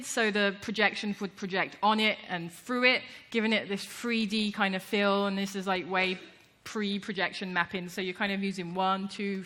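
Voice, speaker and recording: A woman artist talks to a conference audience in a loose, chatty way, stumbling through restarts and fillers and acting out little quotes along the way. Her voice sounds bright and lively, and her pitch sits in the middle range. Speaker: artist giving a conference talk. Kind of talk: casual storytelling talk. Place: conference stage before an audience.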